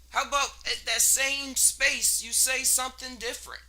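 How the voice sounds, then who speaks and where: High, bright-voiced man musing casually. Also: little pitch movement, normal speed. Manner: rambling, laid-back, slangy, laughs between thoughts. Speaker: podcast host. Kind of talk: casual solo monologue.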